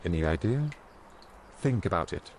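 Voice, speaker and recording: A man telling crude jokes as a narrator, in a deadpan storytelling manner with teasing rhetorical questions. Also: low-pitched, moderate pace. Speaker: joke narrator. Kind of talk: scripted joke storytelling. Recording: noisy background hiss.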